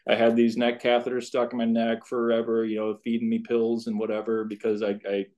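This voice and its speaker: A college tennis coach in his fifties tells a personal story during a podcast interview, earnest and rambling, full of asides. His medium-pitched voice is monotone and darkish, and he talks fairly quickly.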